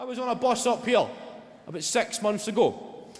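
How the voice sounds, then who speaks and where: A very high-voiced Glaswegian Scottish comedian works a big theatre stage at a moderate pace, his dry storytelling bursting into shouted impressions. Audience laughter and noise fill the long-reverb live theatre sound.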